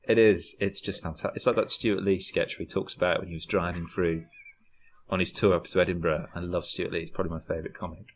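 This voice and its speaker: Deep-voiced man telling rambling stories. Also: steady tone, quick pace, slight background noise. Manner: rambling, laughing storyteller. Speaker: podcast guest. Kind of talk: casual chat.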